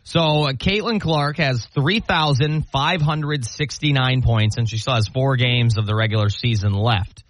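A man's voice: mid-range voice, a little slow, hardly any pauses, no echo. A man co-hosting a podcast in casual chat, chatty and thinking aloud with small restarts. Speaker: podcast co-host.

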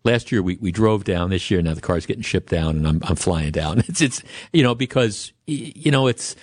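A man's voice: low-pitched, expressive, normal speed, no echo. A middle-aged man from Wisconsin hosting a radio talk show, rambling chattily with many restarts. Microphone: studio microphone.

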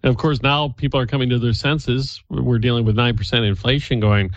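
A man hosting a radio talk show, speaking in a casual, animated way. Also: medium pitch, brisk, hardly any pauses, no echo, dull audio. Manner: animated, laughs easily. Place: radio studio.

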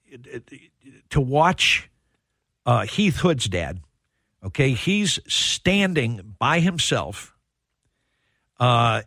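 A man who is a sports broadcaster, telling stories as a guest on a radio show, animated and full of restarts. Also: medium pitch, no echo, clean studio sound. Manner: animated storyteller, stumbling restarts. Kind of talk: casual sports radio chat.

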